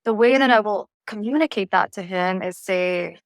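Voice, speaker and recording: With a mid-range voice at a moderate pace, a woman offers relationship advice as a guest in a casual interview. She's lively and lighthearted, playfully acting out quoted lines, and the studio recording is dry and clean.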